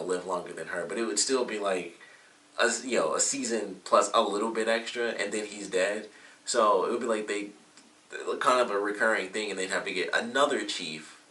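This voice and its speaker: Low, bright rambling guy in an echoey room. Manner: rambling, with many fillers and self-corrections. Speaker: TV episode reviewer. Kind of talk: casual solo review. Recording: roomy echo, mic at a distance.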